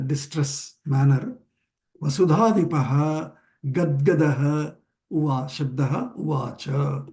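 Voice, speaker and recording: A man teaching a weekly online class over a video call, explaining a chanted text slowly and word by word, with many pauses and fillers. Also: a little high, dark tone. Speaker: teacher of scripture.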